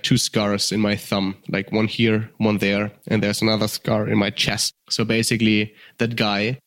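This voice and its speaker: A man from Germany with a German accent, telling a story in casual conversation, swearing freely and full of fillers. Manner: animated, acts out voices with sudden high pitch jumps. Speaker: guest.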